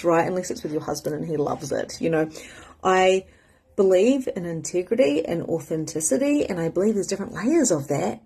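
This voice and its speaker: Husky-voiced woman giving a candid motivational talk. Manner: animated and candid, mimics friends in high squeaky voices. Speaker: host.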